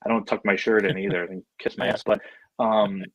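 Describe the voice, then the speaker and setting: Husky-voiced man telling lively stories. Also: fairly low pitch, normal speed, dry recording, rough recording. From Buffalo, New York. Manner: animated, acts out quoted voices. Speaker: podcast guest. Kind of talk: casual storytelling.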